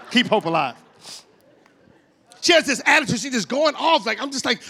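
A middle-aged man giving a comic, animated sermon as a motivational church speaker, telling stories with comic voices. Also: high voice, quick pace.

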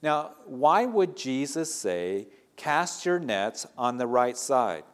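A man's voice: medium pitch, big pitch swings, slow pace, clear, resonant tone. A middle-aged male pastor preaching a sermon in a conversational way, building to rising emphasis at key points.

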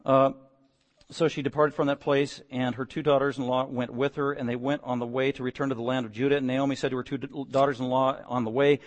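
A man's voice: mid-range voice, level tone, quick pace. A man preaching a sermon, reading scripture and retelling it in casual everyday words with jokes. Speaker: pastor. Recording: long hall reverb.

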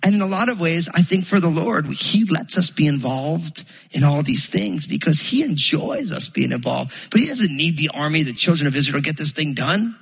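A pastor from New Jersey preaching a sermon, telling a story in a loose, chatty way full of fillers. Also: male voice, fairly high pitch, expressive, moderate pace, gravelly, hardly any pauses, a bit bright, breathy edge, rough recording.

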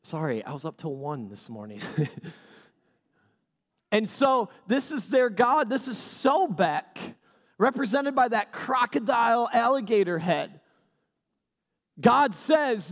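A male pastor preaching a sermon, animated and repeating key phrases for emphasis. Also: high voice, takes it slowly, pauses often, big-room sound.

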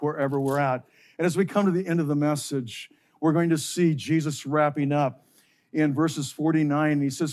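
A pastor preaching a sermon to his congregation, slowing down and stressing key phrases with passion. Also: fairly high pitch, darkish tone.

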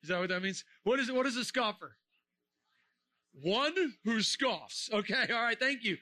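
A man preaching a sermon to a young crowd, animated and joking, firing rhetorical questions and sometimes shouting. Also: very high voice, fast.

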